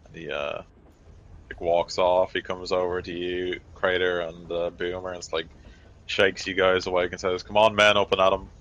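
A man's voice: sits low, level tone, moderate pace, fairly bright tone. A man narrating as game master of a tabletop game, in a loose, filler-heavy manner, on a dull lo-fi recording.

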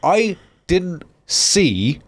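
A man's voice: sits high, sing-song, drawn-out words. A man co-hosting a podcast, talking in a casual, ranting way and swearing freely. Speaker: podcast co-host.

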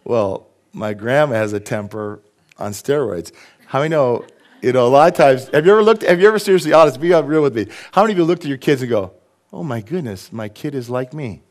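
A middle-aged man delivers a sermon in a church sanctuary. He preaches in a lively, conversational way, often turning to the congregation with quick asides. His voice sits in an ordinary middle register. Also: mid-range voice. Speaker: pastor.

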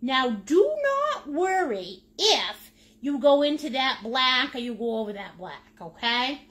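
A woman's voice: high-pitched, sing-song, slow, a bit bright. A woman with a Maine accent, teaching a live painting lesson in a chatty, jokey, upbeat way. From United States. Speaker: painting instructor.

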